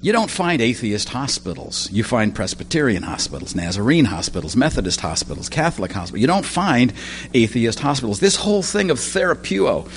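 A male preacher talks through a sermon in an easy, conversational way, full of asides and personal stories. His pitch rises and falls freely as he speaks. A faint hum sits under the recording. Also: very animated, brisk.

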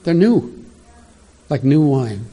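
A man's voice: mid-range voice, big pitch swings, slow pace, warm tone, breathy edge. A middle-aged man giving an informal, digressive sermon to a congregation in a church room, chatting and laughing at his own asides. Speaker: preacher.

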